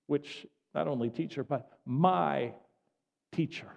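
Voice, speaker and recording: A man delivering a sermon in an animated, conversational storytelling way with frequent asides. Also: mid-range voice, unhurried, creaky, slightly rough. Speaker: preacher. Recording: dull lo-fi audio with long hall reverb.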